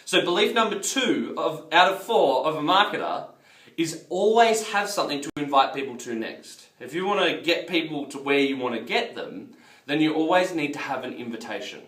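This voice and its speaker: A man's voice: on the high side, expressive, moderate pace, fairly bright tone, distant mic. Chatty man coaching in an echoey room. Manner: chatty, loose, repeats himself, addresses viewers as guys. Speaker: business coach. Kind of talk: casual marketing lesson to camera.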